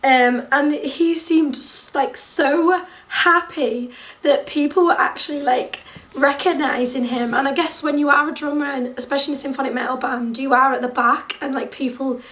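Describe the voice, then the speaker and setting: A young woman with a high voice recounts her story straight to camera. She gushes and talks in quick bursts, often slipping into laughter and squeals. Her telling has the feel of a casual vlog. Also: steady tone, a bit bright. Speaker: vlogger.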